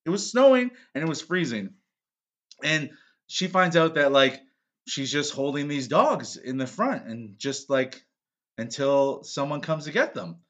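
A man's voice: fairly high pitch, very animated, unhurried, lo-fi sound. A man, a podcast co-host, telling crude stories in casual, mock-defensive chat.

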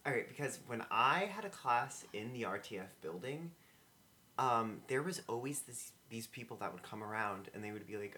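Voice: medium pitch, very animated, brisk, sharp tone. Hesitant young podcast co-host. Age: young adult. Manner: hesitant and self-conscious, many "um" and "like". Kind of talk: casual chat.

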